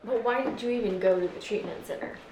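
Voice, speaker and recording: A woman's voice: mid-range voice, quick pace. Off-mic woman asking incredulous questions. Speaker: interviewer. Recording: echoey, noisy, off-mic.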